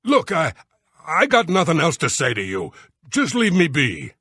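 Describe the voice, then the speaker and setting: An actor voicing a series of rough male warriors, guards and sailors in video game dialogue, blunt and scornful. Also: a little high, wildly swooping pitch, normal speed, sharp tone, no room sound, studio quality, exaggerated voice. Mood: frightened.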